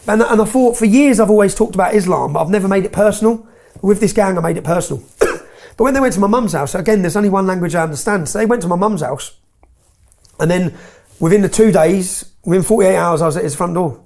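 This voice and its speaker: A man's voice: sits high, gravelly, darkish tone. A man telling stories with emphasis as an interview guest, often tagging his points with "yeah?". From England. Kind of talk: heated interview storytelling.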